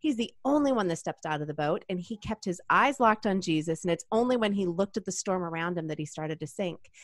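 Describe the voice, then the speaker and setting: A middle-aged woman talks about faith with lively energy. She laughs easily and slips into playful voices for the people she quotes. The sound is close and dry, with no room around it. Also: fairly low pitch, fairly quick, dry recording. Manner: animated, laughs often, acts out quoted voices. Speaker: guest author and women's ministry leader. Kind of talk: faith podcast conversation.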